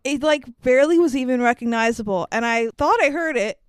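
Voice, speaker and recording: Smooth-voiced woman chatting about a movie. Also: high voice, brisk, dry recording, studio quality. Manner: laughs often, swears, mimics characters. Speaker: podcast co-host. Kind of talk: casual movie recap chat.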